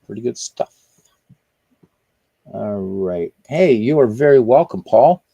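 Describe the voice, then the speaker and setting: A man's voice: mid-range voice, animated, slow pace, vocal fry, mellow, lo-fi sound, a little hiss or hum. A man hosting a live stream in casual chat, rambling and chatty as he greets viewers by name.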